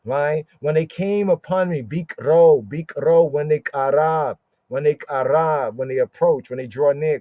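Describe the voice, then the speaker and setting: A man teaching scripture in a slow, unhurried cadence, his voice mellow and somewhat high for a man. He drawls out Hebrew words and repeats them, tagging "right?" onto most phrases. The recording is dry and slightly dull. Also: no room sound. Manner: repeats words with frequent "right?" tags, sounds out Hebrew slowly.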